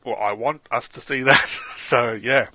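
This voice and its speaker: Casting note: Australian man, podcast co-host, bright voice, dry close sound, excitable chat. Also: mid-range voice, a little slow, no room sound. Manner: animated, enthusiastic, laughs often. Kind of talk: casual chat.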